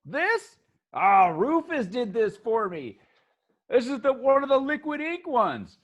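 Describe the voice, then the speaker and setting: A man voicing an excitable young male tattoo artist, eager and chatty. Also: extremely high pitch, unhurried, lo-fi sound, pitched above the performer's own voice, exaggerated voice.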